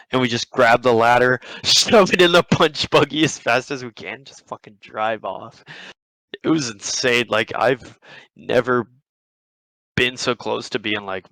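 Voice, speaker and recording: Young man, podcast host, rambling, swears a lot, mid-pitched, dry sound. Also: moderate pace, a bit bright, dry recording, low-quality recording. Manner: rambling, profane, many restarts. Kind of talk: casual storytelling.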